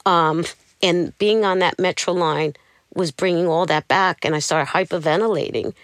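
Animated middle-aged woman, low and dry. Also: moderate pace, dry recording. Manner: animated, acting out the people she quotes. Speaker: interview guest. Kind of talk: candid personal storytelling.

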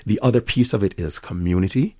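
A middle-aged man with a Jamaican accent, a restaurant owner speaking as an interview guest, animated, with frequent laughs. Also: low-pitched, fast talker, no room sound. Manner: animated storyteller, laughs often, many restarts. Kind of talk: conversational interview.

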